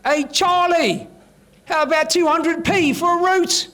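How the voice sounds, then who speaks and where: A man's voice: very high-pitched, steady tone, measured pace, sharp tone, voice pushed up, heavily acted. A man voicing a brash woman calling out from a street corner.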